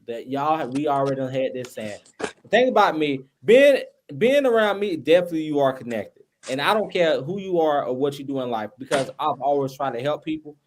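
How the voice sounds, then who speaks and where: A man hosting a casual talk show, animated and joking, pleading with his audience. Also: on the high side, brisk, a little hiss or hum. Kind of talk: casual chat.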